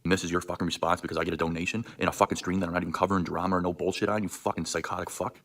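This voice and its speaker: Deep fast-ranting husky man. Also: level tone, a bit bright. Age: 30s. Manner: furious, profane, insulting. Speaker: livestreamer. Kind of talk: angry livestream rant.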